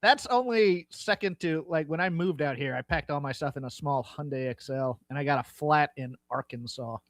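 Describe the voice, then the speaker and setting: A man's voice: fairly high pitch, normal speed, a bit bright, dry recording. A man hosting a casual podcast, joking and teasing his co-host. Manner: jokey, teasing banter.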